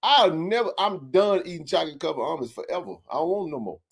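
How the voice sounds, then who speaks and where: A man hosting a casual sports talk show, joking and bantering in slangy, animated talk. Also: a little high, quick pace, vocal fry, husky.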